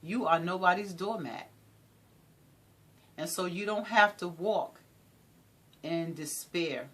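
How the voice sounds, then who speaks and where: A woman giving an inspirational talk in an animated, preacherly way, repeating phrases for emphasis. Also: lowish voice, slow pace, slightly rough. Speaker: motivational speaker.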